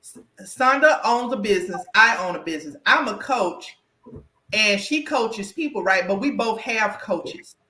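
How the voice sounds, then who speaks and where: A woman's voice: mid-range voice, expressive, unhurried, pushed and bright, roomy sound, rough recording. A woman with a Southern US country twang hosting a podcast interview, talking in an emphatic, chatty way and often tagging on "right?". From Southern United States. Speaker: podcast host and career coach. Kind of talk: conversational interview.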